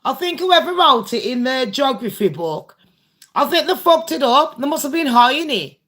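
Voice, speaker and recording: Bright, sweary British woman. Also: high voice, expressive, normal speed. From Britain. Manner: blunt, sweary, rambling. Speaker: channel host. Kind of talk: casual livestream chat with viewers.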